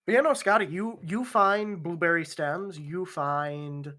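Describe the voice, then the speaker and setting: A woman's voice: lowish voice, a little slow. A woman narrating as game master of a tabletop role-playing game, laughing often as she describes scenes. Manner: laughs often, relaxed and swearing.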